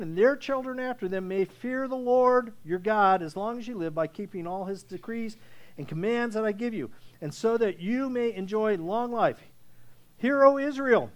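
Male pastor, high voice, chatty sermon delivery that keeps checking in with "okay?", with bursts of emphasis. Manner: conversational preaching with frequent "okay?" check-ins; rises to loud emphatic scripture reading.

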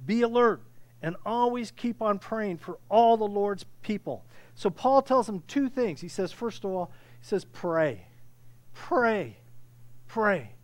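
A man preaching a sermon with impassioned delivery, often restarting phrases and building to loud peaks. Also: high voice, a little slow. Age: older. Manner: impassioned, rising to near shouting, with frequent restarts. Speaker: pastor.

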